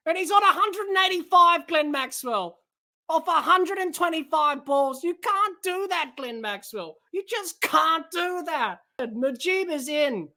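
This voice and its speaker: Australian woman, podcast host, live cricket commentary, excitable, yells at big hits, very high pitch. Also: a little slow.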